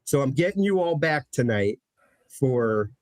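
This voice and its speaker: A man's voice: mid-range voice, lively intonation, unhurried, darkish tone, dry recording. Rambling storytelling man, dry sound. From Connecticut, USA. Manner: rambling, storytelling with many fillers. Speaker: guest presenter. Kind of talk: casual podcast chat.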